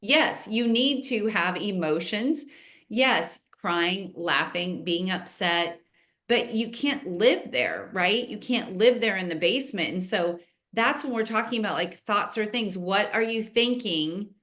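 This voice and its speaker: A woman's voice: mid-range voice, expressive, measured pace, fairly bright tone. A middle-aged woman co-hosting a podcast, talking earnestly and directly to her listeners in a casual chat. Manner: earnest, talks straight to listeners. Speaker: podcast co-host.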